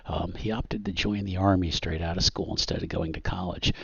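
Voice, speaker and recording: A man narrating a tabletop game as game master in a relaxed, hesitant way. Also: deep voice, fairly quick, gravelly, breathy edge, no echo. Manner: relaxed, hesitant with many ums. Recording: dull, dry muffled audio.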